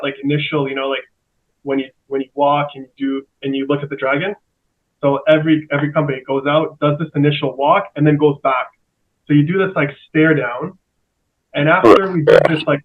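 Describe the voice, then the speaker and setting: Flat-voiced man on a tinny line. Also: on the high side. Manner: halting, filler-heavy storytelling. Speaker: entrepreneur guest. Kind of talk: casual podcast chat.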